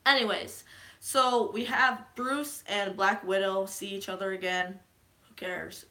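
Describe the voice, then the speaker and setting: A woman's voice: medium pitch, steady tone, a little slow, bright, forceful tone. A woman vlogger casually recapping a movie, rambling and gushing, with lots of fillers.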